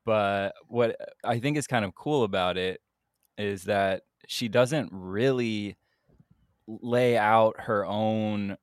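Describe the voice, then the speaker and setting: A man co-hosting a casual podcast, laid-back and quick to laugh. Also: lowish voice, dry recording, studio quality. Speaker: podcast co-host. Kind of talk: casual chat.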